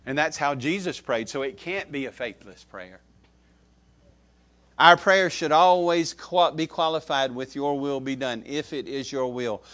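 A pastor delivers a sermon without hurrying, hitting key words loudly before dropping into soft, low asides. He repeats phrases back to his listeners.

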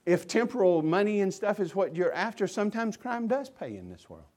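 A pastor preaching with a fairly high voice. He talks with passion, going from loud and pressing to low and quiet. His delivery is fervent and direct. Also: very animated, brisk. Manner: impassioned, swings from loud to hushed. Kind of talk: sermon.

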